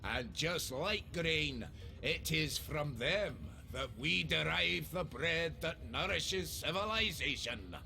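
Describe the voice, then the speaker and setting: An actor playing a proud, jovial, boastful dwarf lord in a video game, speaking with a Scottish accent in a gravelly voice. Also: male voice, on the high side, lively intonation, slow, sharp tone, slight background noise, heavily acted. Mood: hearty.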